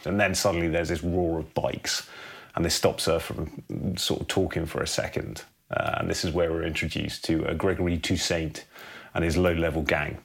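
A man with a very low, gravelly, husky voice, casually narrating a film pitch. His delivery is laid-back, often ending lines with "man". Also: level tone, normal speed. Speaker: podcast co-host pitching a film.

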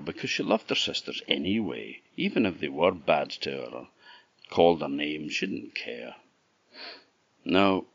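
Deep gravelly Orkney Scottish man telling a folk tale, dry and dull sound. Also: a bit bright. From Orkney, Scotland. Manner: chatty, asides to the listener. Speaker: storyteller.

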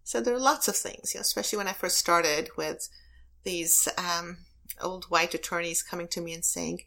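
A woman's voice: fairly low pitch, steady tone, moderate pace, creaky, bright, forceful tone. A woman who is a prosecutor and elected official, answering interview questions with earnest, emphatic personal stories.

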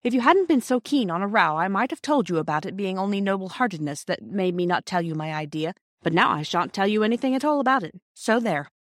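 A proud young boy with a secret plan, read aloud by a woman. He speaks in a lofty, indignant manner, raised a little higher and louder than plain narration. The recording is close and dry. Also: expressive, quick pace, hardly any pauses, dry recording, close to an everyday voice.

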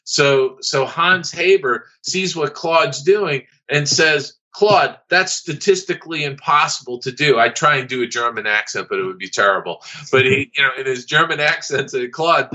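A man with a bright, forceful voice tells a long story as a podcast guest. He often stops and restarts with plenty of fillers, and the recording sounds dull and lo-fi. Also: mid-range voice. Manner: halting, with many fillers and restarts. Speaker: guest, former studio artist. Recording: dull lo-fi audio.

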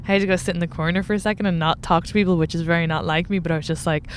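A woman co-hosting a podcast in casual chat, talkative and quick to laugh. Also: on the low side, fairly even intonation, clear, resonant tone. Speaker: podcast co-host. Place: moving car. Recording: faint car noise in background.

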